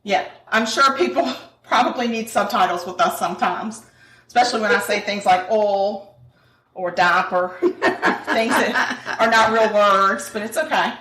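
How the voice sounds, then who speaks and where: A woman hosts a cooking show, chatting casually and laughing often as she cooks in a kitchen. Her mid-range voice is pushed and bright at a measured pace, and the recording is in an echoey room with the mic at a distance and faint noise.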